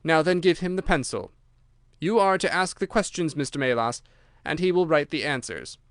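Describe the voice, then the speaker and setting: A man's voice: fairly high pitch, moderate pace, fairly bright tone, no echo, studio quality. A man voicing a sinister, giggling middle-aged kidnapper who speaks in a raised, menacing way. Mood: commanding.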